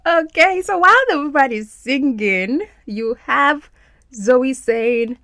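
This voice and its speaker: A woman's voice: high voice, lively intonation, takes it slowly, fairly bright tone, dry recording. A woman hosting a podcast English lesson, explaining film clips and repeating words for practice. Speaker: podcast host and English teacher.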